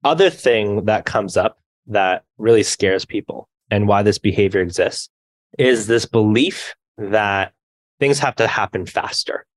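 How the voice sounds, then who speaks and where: A man's voice: lowish voice, a little slow. A man speaking as a founder guest in a podcast interview, reflective and earnest. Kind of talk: conversational interview.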